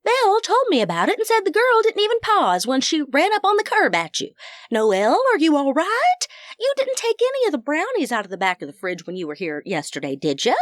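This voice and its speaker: A woman narrator voicing an excitable, gossipy Southern woman friend who chatters with folksy phrases. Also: high-pitched, brisk, dry recording, studio quality, voice pushed up.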